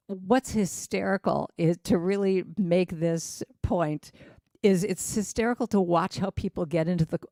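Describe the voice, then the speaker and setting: A woman's voice: on the low side, dark tone, no echo, clean studio sound. A middle-aged woman, a guest musician, giving a casual spiritual talk and breaking into sung lines and acted quotes.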